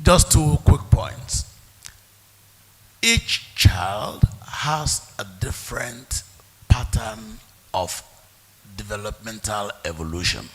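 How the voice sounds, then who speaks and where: A man talks about child development, slowly and deliberately. His voice is gravelly and fairly high, with a lively swing in pitch. He sounds distant, and the hall adds a long echo. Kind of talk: public talk.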